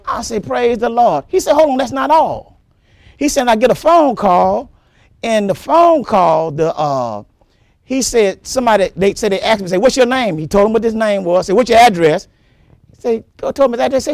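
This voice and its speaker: High, lively preaching pastor. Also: male voice, normal speed, no echo. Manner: animated preaching, repeats words, laughs often, exclaims praise. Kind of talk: sermon.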